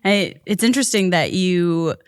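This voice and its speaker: Woman host, lower pitch, gentle and encouraging, asks short questions. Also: normal speed, smooth, dry recording, studio quality. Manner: supportive, soft affirming murmurs. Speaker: interviewer. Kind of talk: conversational interview.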